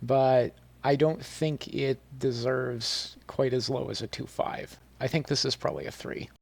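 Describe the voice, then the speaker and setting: A man's voice: mid-range voice, steady tone, measured pace, vocal fry. A man co-hosting a casual card game podcast, wry and joking. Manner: wry, laughing asides. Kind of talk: casual panel discussion.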